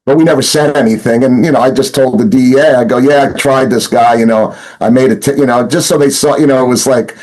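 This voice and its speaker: A man's voice: medium pitch, steady tone, fast, few pauses, darkish tone, rough recording. A man telling his story in a casual interview, rambling with many restarts and fillers and acting out what people said. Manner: rambling, full of fillers and restarts, acts out quotes. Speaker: interview guest, former smuggler turned informant.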